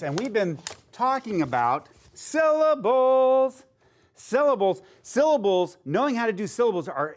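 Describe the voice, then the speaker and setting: Casting: upbeat male phonics teacher for kids, slow and animated. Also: sits high. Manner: slow, sounding out letters, upbeat and encouraging. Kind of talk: phonics lesson for young children.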